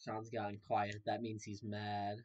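A man's voice: on the low side, monotone, a little slow, lo-fi sound. A young man casually commenting while he plays a video game, joking and reacting aloud to what happens on screen. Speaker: gaming video host. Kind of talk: casual let's-play commentary.

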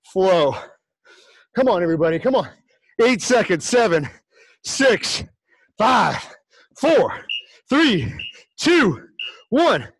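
A man's voice: sits high, dry recording, poor audio. A man coaching a livestream workout, breathless and encouraging, counting down reps. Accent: American. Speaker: fitness coach.

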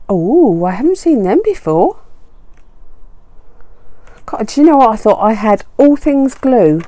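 A woman's voice: fairly high pitch, sing-song, unhurried, warm tone, no echo. Gushing woman unboxing craft gifts. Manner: gushing, exclaims over each item, chatty asides. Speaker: papercraft vlogger. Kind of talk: casual unboxing chat. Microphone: desk mic close to the chin.

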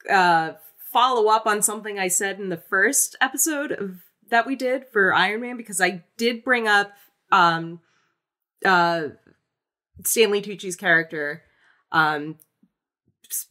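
A woman co-hosting a podcast, chatting casually about a film in an animated, rambling way full of restarts. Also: fairly low pitch. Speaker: podcast co-host. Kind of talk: casual film-review chat.

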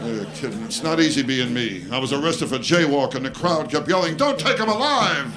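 A man's voice: mid-range voice, fairly quick, a crowd in the background. A man doing a stand-up comedy routine, firing off exasperated, self-deprecating one-liners on a live stage. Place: stage before a live audience. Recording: live show with band and audience laughter.

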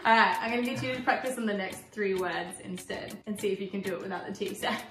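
A young Australian woman coaching her husband through words, chatty and quick to laugh. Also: medium pitch. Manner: bubbly, laughs often. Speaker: vlogger teaching her husband an accent. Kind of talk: casual teaching chat. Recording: roomy room echo with faint music.

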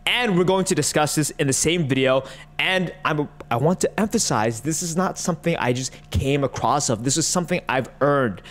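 A man's voice: a little high, lively intonation, normal speed. Mocking, profane man ranting. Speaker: online commentator. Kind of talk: ranting reaction commentary.

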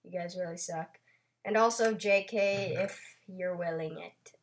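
A woman's voice: fairly low pitch, unhurried, slight background noise. A young woman casually chatting while playing a block-building game, playful and a bit self-conscious. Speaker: Minecraft channel host. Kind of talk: casual gameplay chat.

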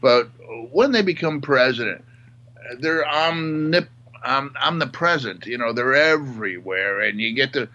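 A male comedian guest in casual chat, halting and hesitant. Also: medium pitch, expressive, sharp tone. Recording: dull lo-fi audio.

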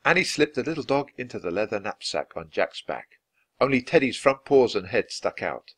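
A man reading a children's chapter book aloud for learners. His voice sits in the middle range and rises and falls with lively expression. He reads clearly and evenly. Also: medium pitch, normal speed, dry recording. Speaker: storybook reader.

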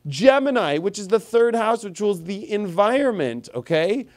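A man talks through an astrology livestream in a loose, rambling way and keeps dropping in "you know" and "okay". His voice sits a bit high and swings widely in pitch. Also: very animated, moderate pace. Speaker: astrologer host. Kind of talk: livestream talk.

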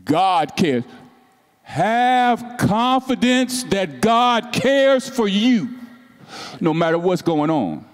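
With a very high-pitched voice and a big-room sound, this man preaches as pastor, emphatic and unhurried. He keeps posing rhetorical questions and sinks now and then into quiet, hushed passages.

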